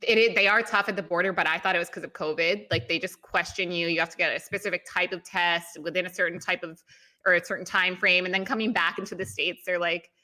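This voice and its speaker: A woman's voice: lowish voice, steady tone, quick pace, sharp tone. A woman guest on a sports show, a sideline reporter and podcast host, chatting casually and upbeat. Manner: upbeat, laughs easily. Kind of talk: casual interview chat.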